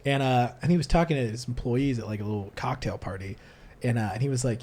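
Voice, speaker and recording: A man's voice: mid-range voice, quick pace. Male podcast host, casual and rambling, full of restarts. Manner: rambling, many restarts, animated impressions. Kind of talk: casual chat. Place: church.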